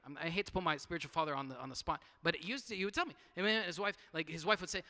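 A man's voice: fairly high pitch, very fast, few pauses, bright, forceful tone, long reverb tail. A man preaching a sermon in a conversational way, asking rhetorical questions and restarting his phrases. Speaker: pastor.

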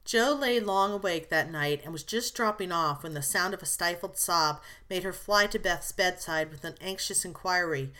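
A woman narrating a classic novel as an audiobook, in a measured storytelling manner. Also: fairly low pitch, pushed and bright.

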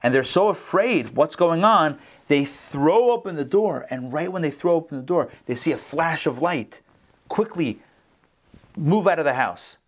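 A man leads an online class on a video call, mixing explanation with lively storytelling. He acts out the people in his stories, swinging his voice up and down. His tone is relaxed and conversational. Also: on the high side, unhurried. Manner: animated storyteller, acts out the characters. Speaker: rabbi teaching an online class. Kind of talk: casual lecture with storytelling.

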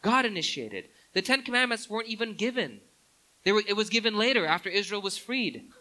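A man's voice: high-pitched, sing-song, fairly quick, sharp tone, low-quality recording. A man preaching a sermon as pastor, building his points to emphatic climaxes.

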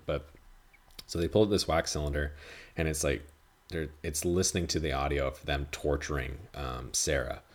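A man's voice: very deep voice, normal speed. A man hosting a podcast, chatting casually and rambling, swearing freely and acting out dialogue as he talks. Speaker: podcast host reviewing a film. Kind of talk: casual chat.

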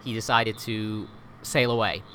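A man's voice: lowish voice, little pitch movement, a little slow, noisy background. A man explaining history in a casual podcast chat, with lots of fillers, self-corrections and "right?" tag questions.

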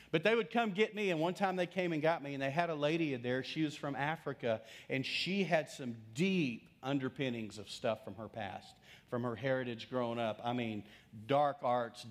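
Storytelling pastor preaching to his congregation. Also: medium pitch. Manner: storytelling, asks the congregation questions. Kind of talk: sermon.

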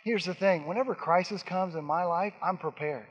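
Brief: high-voiced male pastor, emphatic repetitions, sermon ringing in a long-reverb hall. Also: normal speed, breathy edge, muffled recording. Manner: emphatic, repeating lines and swinging between soft and loud.

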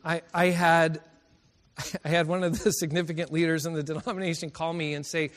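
A middle-aged man preaches a sermon in a college chapel, telling personal stories with emotion and frequent laughter. His voice is on the high side with little pitch movement, a little fast, and the chapel recording carries long reverb.

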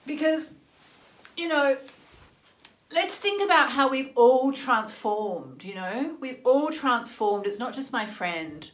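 A woman's voice: sits high, expressive, takes it slowly. A woman chatting earnestly into her phone as the host of an astrology livestream, with many "you know" asides. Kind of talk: casual livestream chat.

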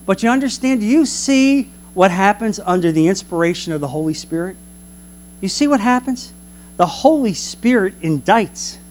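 A man teaching a Bible class in an animated preaching manner, full of rhetorical questions. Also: sits high.

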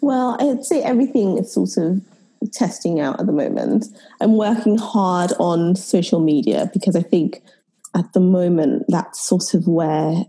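A British woman speaks as a podcast guest about her baking work. Her voice sits low and sounds husky and dark. She rambles casually, circling back and correcting herself mid-sentence. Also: unhurried. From United Kingdom. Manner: rambling, filler-heavy, self-correcting. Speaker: guest, baker.

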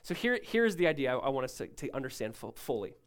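A male pastor preaching a sermon, emphatic and rising loud, then dropping to a hushed tone, often asking listeners to follow along. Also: mid-range voice, big pitch swings, quick pace, clean tone. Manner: asks the congregation to follow along.

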